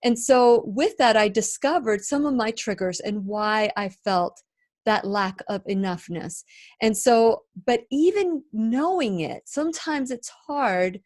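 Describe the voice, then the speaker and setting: A woman hosting a radio interview, asking long, halting questions full of fillers and restarts. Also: on the high side, darkish tone. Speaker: radio show host.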